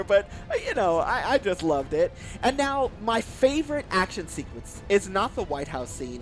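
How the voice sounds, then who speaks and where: A man giving a casual spoiler review of a film, effusive and gushing, repeating how much he loves each scene and acting out quoted lines. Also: high voice. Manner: acts out quoted movie lines. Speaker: YouTube movie reviewer.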